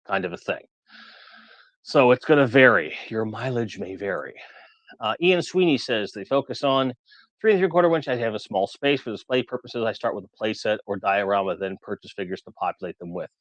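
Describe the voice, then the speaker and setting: A man's voice: fairly low pitch, lively intonation, a little fast, no room sound. A man hosting a toy collecting livestream, chatting casually and reading viewer comments aloud in a rambling way.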